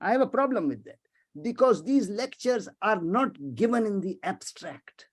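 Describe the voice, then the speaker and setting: A man's voice: sits high, animated, moderate pace, husky. An older man from Pakistan, giving an emotional, rhetorical webinar talk as an economics professor over a video call. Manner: emotional, rhetorical, repeats himself. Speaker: economics professor, guest speaker.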